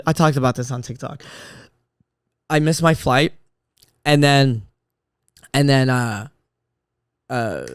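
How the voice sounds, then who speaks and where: A man's voice: mid-range voice, clean tone, no echo, studio quality. A man in his thirties hosting a solo podcast, telling a rambling story full of restarts and fillers. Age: 30s. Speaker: podcast host. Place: studio.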